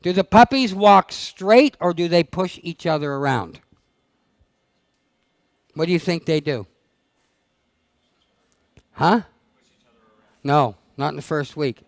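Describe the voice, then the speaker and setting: High gravelly guy teaching a dog seminar, pokes at the crowd with questions, dry sound. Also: slow pace, long pauses, no echo. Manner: blunt, teasing, fires questions at the audience. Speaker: dog trainer leading a seminar. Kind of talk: live seminar talk to an audience. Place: seminar room.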